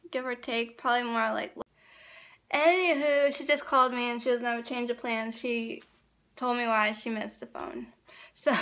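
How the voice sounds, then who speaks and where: A woman's voice: high-pitched, fairly bright tone. A young woman vlogging in a chatty, rambling way, full of fillers, talking into a handheld phone camera. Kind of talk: casual vlog chat.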